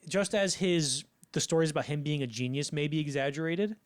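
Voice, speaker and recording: A man's voice: on the high side, a little fast. A young man co-hosting a casual film-history podcast, rambling through anecdotes and acting out the people in them. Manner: rambling, acts out anecdotes in quoted voices. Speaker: podcast co-host.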